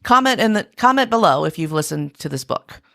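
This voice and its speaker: A woman's voice: lowish voice, expressive, a little fast, creaky, a bit bright. A woman hosting a podcast, steering the talk and speaking directly to the listeners. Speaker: podcast host. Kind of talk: casual podcast chat.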